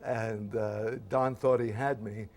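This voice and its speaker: A man in his eighties, an actor being interviewed, telling stories from his old series in a lively, halting way with many fillers. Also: lowish voice. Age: 80s. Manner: animated storyteller, acts out quoted voices. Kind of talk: reminiscing interview anecdotes.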